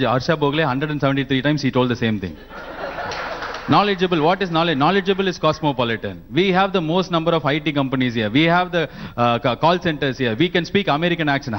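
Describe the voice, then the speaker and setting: Fast, jokey male panelist who rambles as he talks. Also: on the high side, animated, a bit bright, slight background noise. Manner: rambling, comic, restarts. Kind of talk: joking panel answer.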